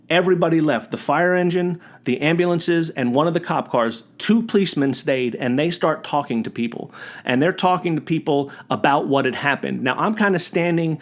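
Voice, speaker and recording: Man, storytelling monologue, animated, slightly high pitch, restarts sentences. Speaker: podcast host.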